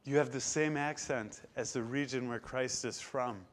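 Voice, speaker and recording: A preacher delivering a sermon in an ordinary mid-pitched male voice. He tells the story with drama, rising to loud declarations and then dropping to hushed, quiet passages. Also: normal speed.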